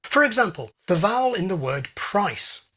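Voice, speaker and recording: A narrator giving scripted, measured educational narration in a played video. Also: mid-range voice, big pitch swings, fairly bright tone.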